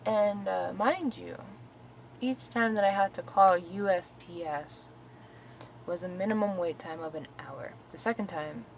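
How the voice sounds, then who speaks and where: A woman's voice: lowish voice, unhurried, vocal fry, a little hiss or hum, rough recording. A woman vlogger telling a story at home in a casual, exasperated, profane venting rant.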